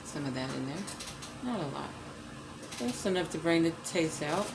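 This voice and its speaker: A woman with a deep voice and lively intonation runs a casual cooking demo from her home kitchen at a normal speed, chatting to viewers as "you guys" and repeating each ingredient's name as she adds it. She's a cooking vlogger, and there's noise in the background.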